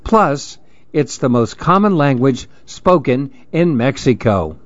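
In a cheerful storybook reading, a man voices a playful Dominican mother, teasing and sprinkling in Spanish words. His medium-pitched voice is very animated and unhurried, captured in a dull, lo-fi, dry recording with no room sound.

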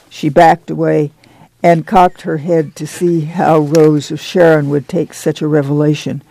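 A man reading a novel aloud as an audiobook narrator, measured and unhurried. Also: on the high side, flat delivery, creaky, warm tone, no room sound. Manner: slow, measured storytelling.

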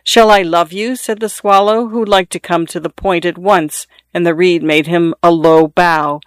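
High-voiced man reading a storybook aloud. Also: fairly even intonation, moderate pace, clean tone, dry recording. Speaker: narrator.

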